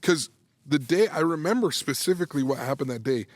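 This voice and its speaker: Animated man telling a long story. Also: on the high side, fairly quick, no echo. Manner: animated, restarts phrases, acts out quoted dialogue. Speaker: guest, sports psychology coach. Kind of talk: casual storytelling in a podcast interview.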